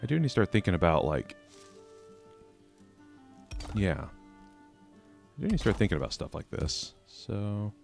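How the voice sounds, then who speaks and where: Chatty low-voiced man streaming a game. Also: big pitch swings, a little slow, gravelly, pauses often, darkish tone, faint music behind. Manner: chatty, self-mocking, laughs often. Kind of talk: live game stream commentary.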